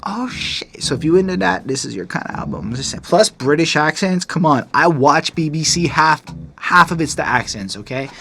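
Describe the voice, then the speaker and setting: A man co-hosting a podcast, casually reviewing an album track by track in a lively, profane way and reading lyrics aloud. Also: fairly high pitch.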